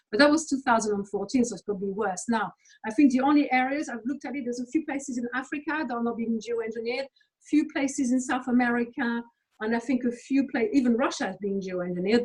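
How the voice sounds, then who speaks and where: Blunt, sweary Englishwoman, husky voice. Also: fairly high pitch, poor audio. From England. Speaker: interview guest. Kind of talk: casual conversational rant.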